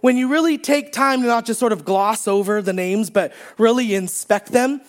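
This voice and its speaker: A man with a high voice delivers a relaxed, conversational sermon from a church stage. He talks easily and jokes with the congregation, with many small fillers and restarts as he goes. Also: moderate pace. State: recovering from strep throat. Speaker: pastor. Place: church sanctuary under stage lights.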